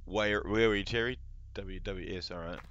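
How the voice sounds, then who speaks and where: A man's voice: fairly low pitch, steady tone, normal speed, fairly bright tone, lo-fi sound, a little hiss or hum. A man giving casual let's-play commentary, reading game text aloud and exclaiming as he plays. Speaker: gameplay video host. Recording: game music playing behind the voice.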